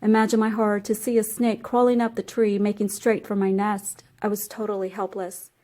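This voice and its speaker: A woman's voice: mid-range voice, flat delivery, a little fast, warm tone, lightly acted. A woman reading aloud, voicing a grieving, resigned mother bird in a storybook tale. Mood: sorrowful.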